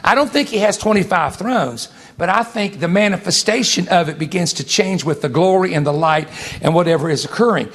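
Male preacher, high-pitched and animated, working the congregation. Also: fairly quick. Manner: animated, jumps to high exclamations and laughs, addresses congregation. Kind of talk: sermon.

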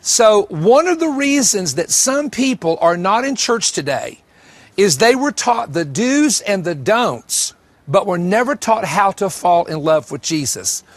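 Preaching a sermon a little slowly, this high-voiced pastor brings emphatic storytelling energy, with big pitch swings and key lines repeated for effect. He speaks straight to the congregation, and the sound is close and dry, without room echo.

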